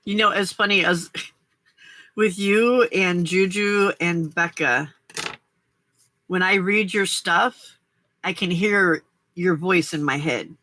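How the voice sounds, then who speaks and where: An older woman hosts a late-night crafting livestream in an unhurried, easygoing way, laughing often as she greets viewers and answers their comments. Her voice is bright and clear, and the sound is dry and close. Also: fairly low pitch, no room sound. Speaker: livestream host.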